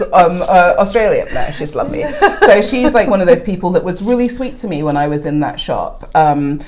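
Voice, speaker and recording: A woman, a podcast guest chatting casually with many fillers, breaking into animated laughter when telling stories. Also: on the low side, a little fast, hardly any pauses, crowd noise. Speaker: podcast guest, coffee educator. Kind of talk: casual interview chat.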